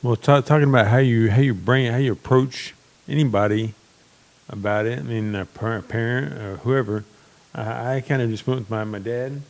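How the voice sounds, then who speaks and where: A man's voice: mid-range voice, steady tone, moderate pace. A young man hosting a podcast, talking in a rambling, blunt and open way with many restarts. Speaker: podcast host. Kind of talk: casual chat.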